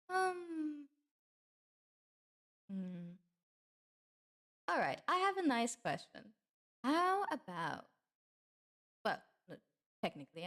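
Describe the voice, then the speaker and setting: A woman streamer chatting in character with viewers at her debut, theatrical and affectionate, calling them darling. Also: a little high. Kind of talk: in-character livestream debut chat.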